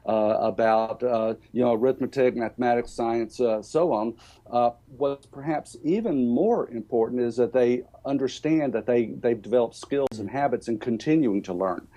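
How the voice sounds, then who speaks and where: Older Southern man with a mellow voice. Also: mid-range voice. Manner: halting, many fillers and restarts. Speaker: education speaker. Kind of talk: interview answers.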